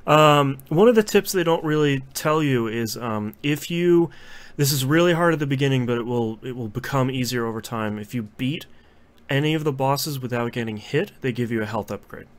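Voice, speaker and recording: A man co-hosting a podcast in casual chat, explaining game tips in a lively way and laughing easily. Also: mid-range voice, normal speed. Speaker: podcast co-host.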